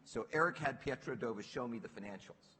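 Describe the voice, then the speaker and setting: A middle-aged man on stage telling a lively, self-mocking story and laughing through his lines. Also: medium pitch, a little fast, slightly rough, long reverb tail. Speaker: panel guest. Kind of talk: animated onstage storytelling. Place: stage at a public talk.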